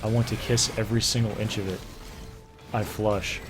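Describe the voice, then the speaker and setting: A young man giving a theatrical, hushed and breathy reading of a romance novel over gameplay, often breaking into laughter. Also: medium pitch, normal speed, a little hiss or hum. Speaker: gaming streamer.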